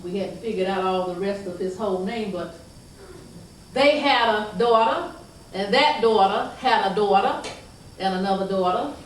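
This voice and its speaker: A woman with a Southern American accent telling family stories to an audience, folksy and emphatic, drawing listeners into call-and-response. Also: mid-range voice. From southern United States. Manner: call-and-response, emphatic, folksy, stretches key phrases slowly. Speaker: storyteller. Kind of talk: oral family storytelling to an audience. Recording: very echoey hall, distant voice, faint background hum.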